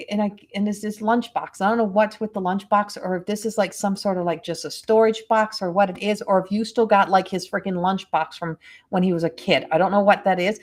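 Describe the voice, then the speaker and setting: Rambling, tender woman giving a psychic reading. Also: mid-range voice. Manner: rambling, hesitant, full of fillers and restarts; tender and emotionally moved. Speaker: medium and spiritual coach.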